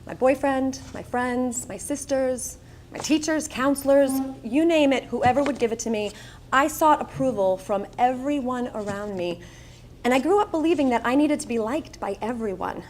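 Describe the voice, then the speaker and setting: A middle-aged woman with a Long Island accent tells her life story to an audience, candid and quick to poke fun at herself. Her voice sits a little high. Faint background noise lies under it. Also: darkish tone. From Long Island, New York. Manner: candid and self-mocking, with wry asides. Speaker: guest speaker at a charity breakfast. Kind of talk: personal storytelling speech. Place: event room, speaking to an audience.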